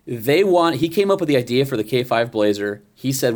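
Male podcast co-host, casual chatty storyteller, mid-pitched. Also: lively intonation, brisk, hardly any pauses, darkish tone. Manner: chatty storyteller, acts out quoted voices. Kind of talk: casual chat.

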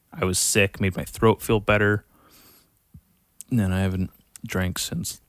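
A young podcast host rambles and rants through a casual monologue, swearing nonstop and sounding exasperated. His low voice comes through a dry, clean studio recording.

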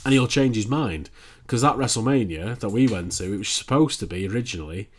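A man in casual chat as a podcast co-host, relaxed, with loose phrasing and restarts. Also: fairly low pitch, a little fast.

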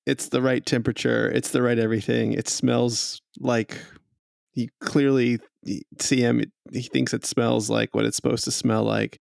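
رجل يدير لعبة أدوار كمدير اللعبة، يروي ببطء ويضحك كثيرًا. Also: male voice, mid-range voice, flat delivery, moderate pace, creaky, a little mellow, dry recording, studio quality. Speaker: game master. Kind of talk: narrating a tabletop game.

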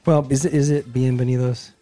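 Animated man telling a story, teasing. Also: mid-range voice, brisk, faint music behind. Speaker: podcast co-host. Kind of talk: casual chat.

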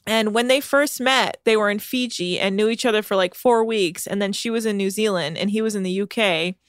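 A woman's voice: mid-range voice, fairly quick, smooth, dry recording, studio quality. A woman co-hosting a casual chat show, recapping a reality series with sarcastic asides. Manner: chatty, sarcastic storytelling.

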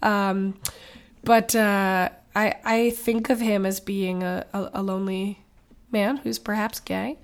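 A woman's voice: medium pitch, flat delivery, slow pace. A woman chatting casually and wryly as a guest on a podcast. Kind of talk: casual chat.

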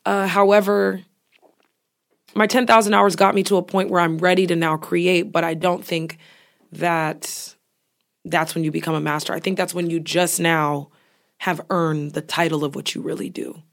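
Woman co-host, comic performer, lively chat that breaks into quick impressions. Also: lowish voice, vocal fry. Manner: animated, slips into mimicked voices. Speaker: podcast co-host; comedic actor and impressionist. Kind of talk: casual chat.

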